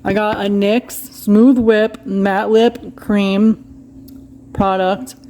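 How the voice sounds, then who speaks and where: A woman's voice: medium pitch, flat delivery, extremely slow, mellow, slight background noise. Chatty woman showing off a haul. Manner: chatty, wails dramatically over a broken cup. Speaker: vlogger. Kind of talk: casual haul vlog chat. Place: at home.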